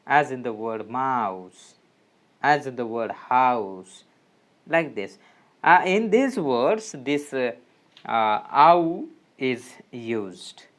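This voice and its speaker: A man with an Indian English accent, teaching English diphthongs in a slow, hesitant way with many fillers and restarts. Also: mid-range voice. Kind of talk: phonetics lesson.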